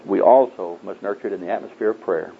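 A man preaches a sermon in folksy storytelling fashion, acting out the people in his stories by raising his pitch. His voice is gravelly and fast. The tinny, phone-like old tape carries slight background noise.

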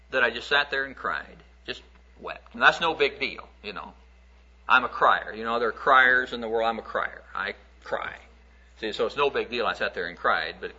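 A man preaches a sermon through folksy, conversational storytelling, acting out the stories he tells. His mid-range voice sounds pushed and bright with a breathy edge, on a dull lo-fi recording.

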